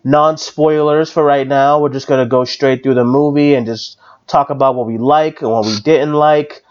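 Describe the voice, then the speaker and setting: A man's voice: medium pitch, fairly even intonation, moderate pace, a little mellow. A man hosts a casual podcast in an easy, rambling way. He restarts often and leans on fillers. His mid-range voice comes through on a slightly dull, lo-fi recording. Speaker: podcast host. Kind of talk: casual chat.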